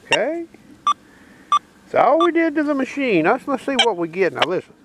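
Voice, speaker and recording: Southern guy showing off his metal detector out in a field, high voice, swings up and down a lot, loud noise behind him. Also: sing-song, normal speed. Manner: folksy, addresses viewers as boys, keeps asking okay. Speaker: metal detecting channel host. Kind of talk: casual demonstration talk. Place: outdoors at a dig site. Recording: loud outdoor background noise. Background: detector tones and noise.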